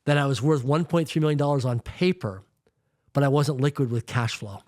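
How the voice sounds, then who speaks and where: A man's voice: mid-range voice, a little fast, a little mellow, dry recording, studio quality. A man in his fifties from Canada, a guest telling stories in an emphatic way, repeating words and acting out quoted voices. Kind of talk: storytelling interview talk.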